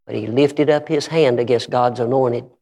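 A man's voice: medium pitch, steady tone, moderate pace, creaky, warm tone. A man preaching a storytelling sermon, dramatic and vivid as he tells his stories. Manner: dramatic storytelling with voiced quotes.

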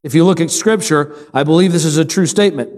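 Pastor, male, high voice, emphatic call-and-response sermon, reverberant sanctuary. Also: quick pace, darkish tone. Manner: repetitive, emphatic preaching. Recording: long hall reverb.

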